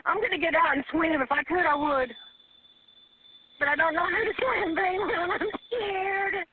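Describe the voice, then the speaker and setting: A woman's voice: very high-pitched, normal speed, no room sound. A panicked woman calling an emergency line, crying and pleading, repeating herself and calling the operator ma'am. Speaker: 911 caller. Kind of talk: emergency phone call. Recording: tinny phone line recording.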